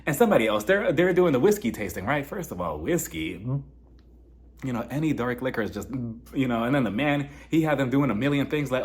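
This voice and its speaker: A young man recapping a reality TV episode in a loose, chatty way. His pitch swings widely as he mocks the cast and slips into their voices, landing his jokes with a sarcastic, incredulous edge. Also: quick pace. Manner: animated, mocking, acts out cast members' lines in put-on voices. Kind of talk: casual recap commentary.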